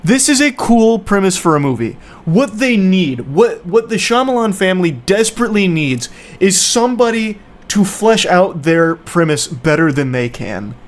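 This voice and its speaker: A man's voice: high-pitched, big pitch swings, moderate pace. A man in his thirties giving a casual, sarcastic movie review rant with lots of profanity, acting out the characters as he retells the plot. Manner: sarcastic, profane, acts out characters mid-story. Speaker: commentator.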